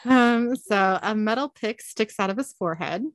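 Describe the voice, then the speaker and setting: A woman's voice: mid-range voice, moderate pace, no room sound. A woman co-hosting a podcast, giving a casual recap of a show's plot and laughing often. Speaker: podcast co-host.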